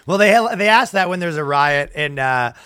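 A man's voice: on the high side, expressive, a little slow, sharp tone, clear, resonant tone, dry recording, clean studio sound. A man co-hosting a podcast in loose, rambling casual chat, swearing and laughing easily. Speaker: podcast co-host.

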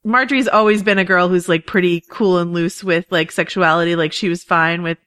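A woman co-hosting a podcast in casual chat, chatty and quick to laugh, with lots of fillers. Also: lowish voice, steady tone, a bit bright, dry recording, studio quality. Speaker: podcast co-host.

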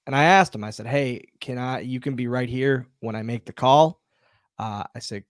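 A man with an ordinary mid-pitched voice tells a relaxed, animated story. He acts out bits of dialogue as he goes. The sound is dry and close, with no room echo. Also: moderate pace. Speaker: guest, former wrestler. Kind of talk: casual storytelling.

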